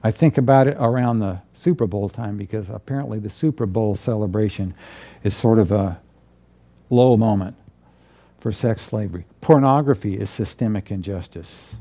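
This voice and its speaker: A man, a pastor preaching a sermon from the pulpit in an earnest, measured way with emphatic declarations. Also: lowish voice, warm tone. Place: church pulpit.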